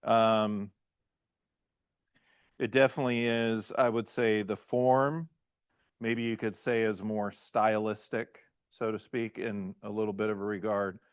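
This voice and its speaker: A man's voice: fairly low pitch, steady tone, unhurried, clear, resonant tone, no room sound. A pastor teaching a beginners' language class, quizzing his students and checking in with "right?" and "okay?" as he goes. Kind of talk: classroom lesson.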